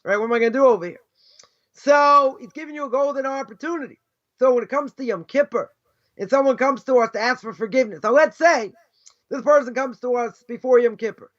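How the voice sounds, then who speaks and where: A middle-aged rabbi teaches in an easygoing, conversational way, tossing in rhetorical questions and constant "you know"s. His voice sits unusually high for a man. The recording is dull and lo-fi. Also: fairly quick, a bit bright. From United States. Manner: chatty, peppers talk with "right?" and "you know", asks rhetorical questions. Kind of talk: casual conversational Torah lesson.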